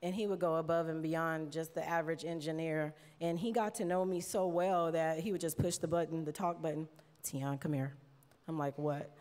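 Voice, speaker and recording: Woman, low-ish voice, chatty heartfelt award speech, teary, big echoey hall. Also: fairly even intonation, a little fast, few pauses. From United States. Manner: warm, chatty, laughs often, mimics others in quotes. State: close to tears. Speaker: award presenter giving an induction speech. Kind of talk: emotional tribute speech at a podium. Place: large hall. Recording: long hall reverb.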